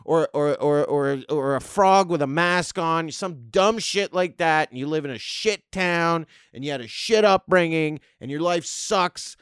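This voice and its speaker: A sarcastic man in his thirties rants through a comedic podcast monologue, swearing freely as he rambles from one jab to the next. His voice sits a little high for a man and sounds smooth and resonant. The sound is dry and close, with no room around it. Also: measured pace, hardly any pauses, fairly bright tone, no echo. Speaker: podcast host.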